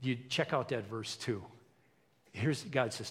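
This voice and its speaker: A man's voice: medium pitch, slow, slightly rough, in a large hall. A male pastor preaching a folksy, conversational sermon full of repetition.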